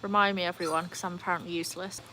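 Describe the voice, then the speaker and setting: A woman's voice: lowish voice, level tone, very fast, bright, forceful tone, slight background noise, poor audio. A woman chatting casually on a live stream at home, reading out viewer comments. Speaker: livestream host. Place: home, beside a backyard pool.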